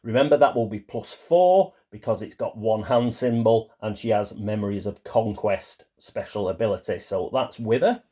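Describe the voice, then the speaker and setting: A man's voice: lowish voice, moderate pace, few pauses, mellow. A man talking casually through a solo board game, reading card text aloud and sometimes stumbling over the small print. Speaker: board game player and channel host.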